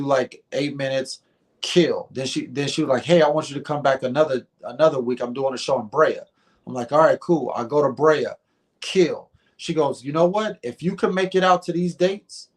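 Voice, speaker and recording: A middle-aged man telling a story in a casual interview, animated and acting out the dialogue, often repeating words. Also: medium pitch. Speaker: guest comedian.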